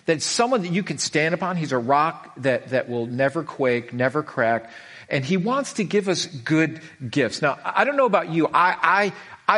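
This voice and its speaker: A middle-aged man preaching a sermon as a pastor, telling stories with lots of animation, repeating himself and restarting lines. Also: on the high side. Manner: animated storytelling, frequent repetitions and restarts.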